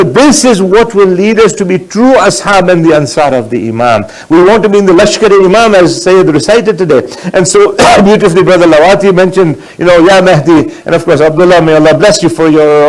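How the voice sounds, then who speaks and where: A man's voice: sits high, brisk, few pauses, low-quality recording. A man giving a sermon as a sheikh, earnest and exhorting, mixing in Arabic religious phrases.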